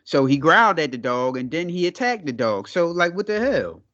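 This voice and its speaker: A man's voice: fairly high pitch, very animated, normal speed, a bit bright, highs cut off. A man co-hosting a podcast, chatting casually with slangy, laugh-filled storytelling. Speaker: podcast co-host. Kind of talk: casual chat.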